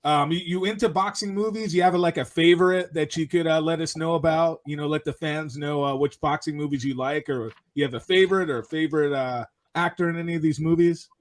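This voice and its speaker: Hesitant male interviewer, fairly high voice. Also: a little fast, hardly any pauses. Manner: hesitant, many fillers. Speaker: co-host.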